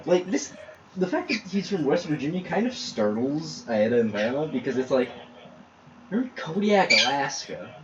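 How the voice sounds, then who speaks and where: A man narrating a tabletop game as game master, describing scenes in halting, restarting phrases. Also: fairly high pitch, big pitch swings, muffled recording, noisy background.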